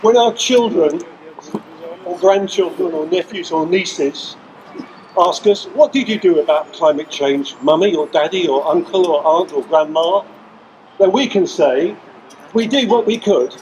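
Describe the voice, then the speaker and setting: A man's voice: high voice, measured pace, darkish tone, a little hiss or hum. Earnest man addressing an outdoor rally. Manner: earnest, rallying, with list-like repetition. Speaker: rally speaker. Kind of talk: outdoor protest speech. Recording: distant voice with faint outdoor ambience.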